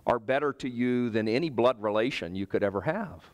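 A man preaching a sermon as pastor, telling personal stories with humor in an animated way. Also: medium pitch, brisk. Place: church.

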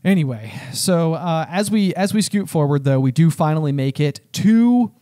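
A young man talks through a book chapter on a casual podcast. His voice sits a bit high for a man, with a soft, mellow tone. He rambles, restarts his sentences and leans on fillers as he thinks aloud. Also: expressive, normal speed. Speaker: podcast co-host. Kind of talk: casual book-discussion chat.

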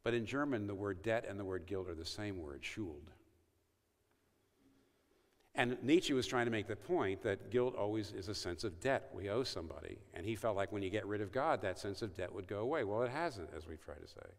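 A man's voice: lowish voice, normal speed. A man giving an evangelistic talk to a university audience, telling stories and acting out quoted lines. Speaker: speaker at a university event. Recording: reverberant hall.

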